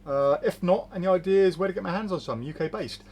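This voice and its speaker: A man's voice: high voice, quick pace, a little mellow. A man hosting a casual live stream, reading viewer comments aloud with chatty asides and easy laughs. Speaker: host of a magic shop's live show. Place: magic shop studio.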